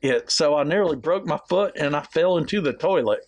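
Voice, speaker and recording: A man co-hosting a podcast in casual chat, reading hotel reviews aloud in a jokey, animated way. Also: a little high, fairly quick. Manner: animated, jokey, laughs often while reading. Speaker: podcast co-host.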